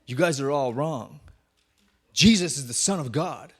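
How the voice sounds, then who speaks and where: A man's voice: mid-range voice, animated, unhurried, breathy edge, voice pushed down. A man voicing a zealous newly converted apostle who insists on his message earnestly. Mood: insistent.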